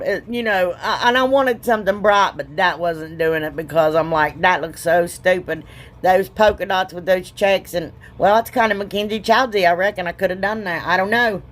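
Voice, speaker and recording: A woman's voice: mid-range voice, a bit bright. A woman, narrating her own craft video in a chatty, giggly, self-deprecating way. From Ohio, US. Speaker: DIY crafter, channel host. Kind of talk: casual crafting voice-over.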